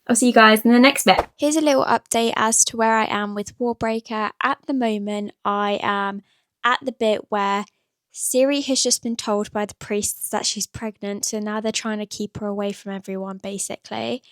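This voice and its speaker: A woman vlogging her reactions to a novel, chatty and excitable, gasping and exclaiming, full of "like" and "what the hell". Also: mid-range voice, moderate pace, dry recording, studio quality. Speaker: book vlogger. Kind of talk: casual reading-reaction vlog.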